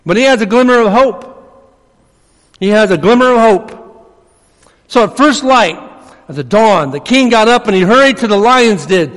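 A man preaching a sermon as pastor, swinging between emphatic preaching and hushed asides. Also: sits high, animated, normal speed, long pauses. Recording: long reverb of a large hall.

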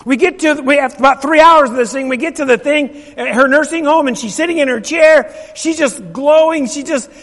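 A man's voice: very high-pitched, moderate pace, few pauses, a bit bright. A middle-aged male pastor telling a story in a sermon, emphatic and repeating his phrases while asking the congregation questions. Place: church sanctuary. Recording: long reverb of a large hall.

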